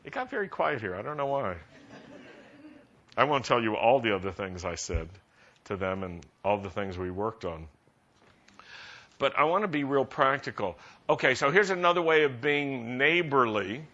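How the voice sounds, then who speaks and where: Bright-voiced man preaching a practical sermon. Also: medium pitch, normal speed. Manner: conversational, practical, rising animated emphasis. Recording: dull lo-fi sound.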